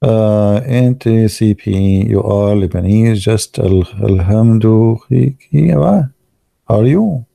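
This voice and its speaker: Gravelly-voiced man. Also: lowish voice, mellow, no echo. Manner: halting, many fillers and restarts, sarcastic asides. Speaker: online commentator. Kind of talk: casual live commentary.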